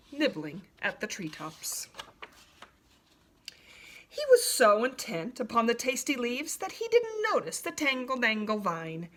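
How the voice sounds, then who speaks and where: A woman reading a children's story aloud in an expressive, animated way. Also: mid-range voice.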